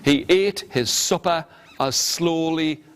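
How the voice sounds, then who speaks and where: Animated high-voiced male storyteller. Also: slow, slight background noise. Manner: animated, rhythmic repetition, coaxing the audience. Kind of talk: interactive storytelling to children.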